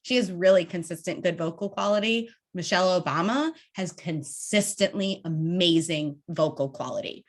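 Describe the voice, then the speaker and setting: Woman vocal coach, somewhat low voice, demonstrative and conversational. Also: moderate pace, few pauses. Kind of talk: public speaking workshop.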